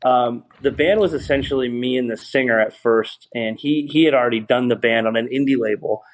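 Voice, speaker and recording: A man's voice: medium pitch, brisk, low-quality recording. A man from California, a musician turned manager, telling candid stories in an interview and laughing wryly at himself.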